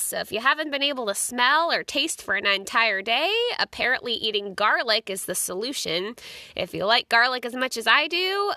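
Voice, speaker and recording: A woman's voice: on the high side, animated, normal speed, bright, forceful tone, no echo. A young woman hosting her podcast in a chatty, rambling way, with lots of "like". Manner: chatty, rambling, says "like" a lot. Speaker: podcast host. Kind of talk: casual podcast monologue.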